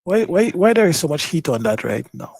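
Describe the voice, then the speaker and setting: A man's voice: a little high, big pitch swings, brisk, gravelly, a little mellow, no echo, poor audio. A man on a live news talk show, firing off rhetorical questions and strong opinions.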